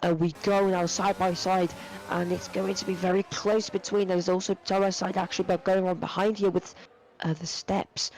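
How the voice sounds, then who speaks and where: A man's voice: high voice, level tone, normal speed, rough recording. A young man giving live sim racing commentary, rambling with lots of fillers and self-corrections. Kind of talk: live esports race commentary.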